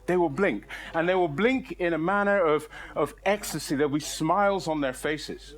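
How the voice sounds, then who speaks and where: A middle-aged man spins a comic tale on stage with a somewhat high voice. He talks in an animated, exaggerated way, laughing through his own lines as he goes. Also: moderate pace, soft background music. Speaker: storyteller. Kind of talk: comic live storytelling. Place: storytelling stage.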